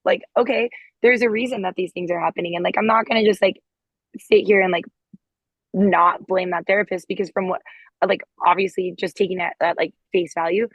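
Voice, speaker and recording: A woman's voice: lowish voice, fairly even intonation, a little fast, breathy edge, no echo, low-quality recording. A young woman who was once a therapist, talking in a rambling way with many filler words in a casual panel discussion.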